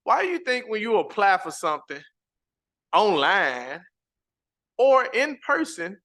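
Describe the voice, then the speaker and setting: A man with a bright, somewhat high voice teaches a live-stream lesson. He reads his slides aloud, chats casually with viewers and repeats the important points with emphasis. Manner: casual, chatty asides to the audience. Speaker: credit repair educator.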